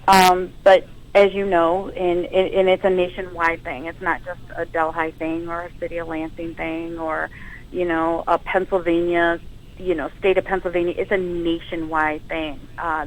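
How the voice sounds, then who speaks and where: A woman's voice: fairly low pitch, low-quality recording. A woman in her thirties, a firefighter and paramedic, telling her story as a guest in a radio interview. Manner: storytelling, emotional, animated quotes.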